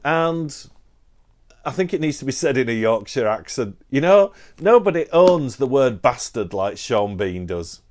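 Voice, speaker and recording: A man's voice: medium pitch, sing-song, unhurried, a little mellow. A man from Britain chatting casually to camera as a book vlogger, rambling and self-deprecating, often restarting his sentences.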